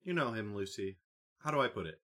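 A man voicing a thoughtful teenage girl in an audiobook, groping slowly for words. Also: on the low side, expressive, a bit bright. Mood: searching. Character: teen girl, thoughtful, hesitant.

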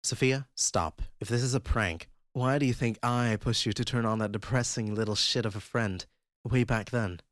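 A man's voice: medium pitch, normal speed, no room sound, studio quality, close to an everyday voice. A man voicing an irritated, foul-mouthed teenage girl who has just been woken in the middle of the night, in an audiobook. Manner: sharp, impatient, swearing. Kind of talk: audiobook character voice.

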